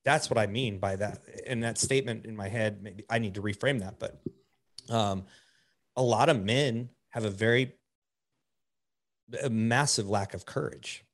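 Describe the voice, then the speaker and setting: A man with a fairly low voice speaks candidly in a relaxed podcast chat. He thinks out loud as he goes, leaning on "like" while he works out what he means. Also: normal speed, pauses often. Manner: candid, thinks aloud with many "like" fillers. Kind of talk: casual conversational podcast.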